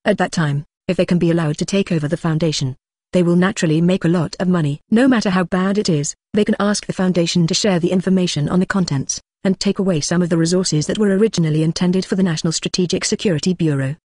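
A narrator reads a translated web novel aloud at a medium pitch, in a steady, even delivery. Dialogue gets the same plain treatment as the narration. The recording is dry and close, with no room sound. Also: quick pace, dry recording. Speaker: audiobook narrator.

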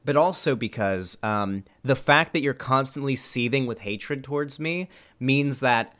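A man's voice: medium pitch, unhurried. A young man streaming, reading online comments aloud and reacting with casual, sarcastic commentary and frequent swearing. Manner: sarcastic, animated, swears freely.

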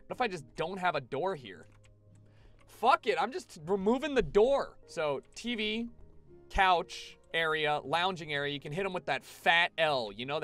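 Young male streamer, lively sing-song delivery, slightly high, casual and profane, faint music bed. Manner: animated, chatty, swears freely. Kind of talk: casual gameplay commentary to a live chat.

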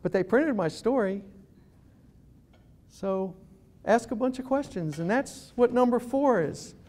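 A man's voice: very high voice, expressive, a little slow, a little mellow. A man giving a humorous talk to a live audience as a guest speaker, telling stories and acting out phone calls.

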